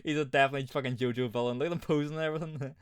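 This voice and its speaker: A man's voice: mid-range voice, fairly even intonation, racing, clear, resonant tone. A man doing casual gameplay commentary as a streamer, joking, swearing freely and muttering asides.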